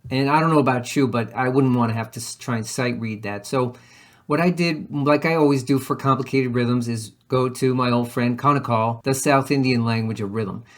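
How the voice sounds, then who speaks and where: A man at an ordinary middle pitch teaching music in a loose, unscripted way. He thinks aloud, restarts his sentences and softly voices rhythm syllables to show the beats. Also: steady tone, moderate pace. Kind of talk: casual instructional explanation.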